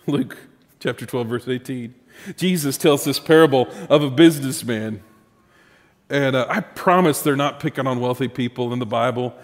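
Pastor, man preaching in a reverberant hall. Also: mid-range voice. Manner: conversational, humorous preaching with audience asides. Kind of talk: sermon.

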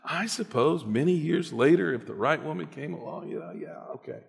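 A man's voice: fairly high pitch, lively intonation, moderate pace, creaky, voice pushed up. A man doing a flustered, cornered husband. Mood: exasperated. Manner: exasperated, flustered. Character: flustered long-married husband, evasive. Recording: echoey hall.

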